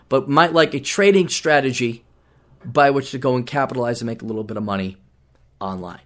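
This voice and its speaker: A man hosting a podcast, talking in a sarcastic, rambling monologue with animated mock rants. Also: mid-range voice. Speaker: podcast host. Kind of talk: casual monologue.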